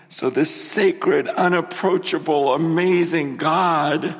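A man's voice: mid-range voice, a little slow, gravelly, a bit bright. A young man preaching a sermon with strong emotion, often repeating and restarting his phrases. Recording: long hall reverb.

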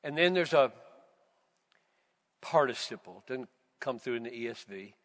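A man preaching a sermon, slow and emphatic, building to loud, fervent repetitions. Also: medium pitch, expressive. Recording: long reverb of a large hall.

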